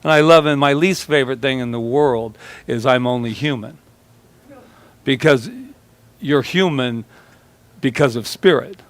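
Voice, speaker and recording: A male minister delivering a conversational sermon full of stories. He jokes at his own expense and keeps it light. His voice is mid-pitched and recorded dry and close. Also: moderate pace, no echo. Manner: humorous, self-deprecating storyteller.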